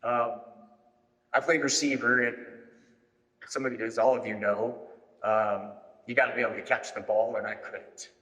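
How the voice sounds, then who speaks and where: A man's voice: medium pitch, steady tone, normal speed, long pauses, pushed and bright. A man, a football recruiting coach, giving a motivational keynote to a live audience, telling personal stories that build to emphatic punchlines. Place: large hall before a live audience. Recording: echoey hall with long reverb.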